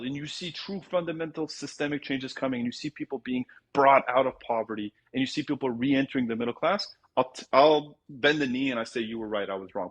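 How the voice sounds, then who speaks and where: A man's voice: medium pitch, fairly bright tone, slightly rough, low-quality recording. A man calling into a debate show, ranting at length and swearing about politics. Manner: long-winded ranting, swears. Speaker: caller. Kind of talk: call-in debate.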